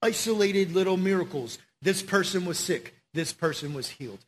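A man preaching a casual sermon to young people, slangy and animated as he tells the story. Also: high-pitched, moderate pace, a little hiss or hum.

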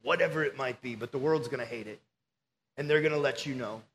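A man's voice: mid-range voice, quick pace, a little hiss or hum. A male pastor, preaching a sermon in an earnest, pleading, conversational way.

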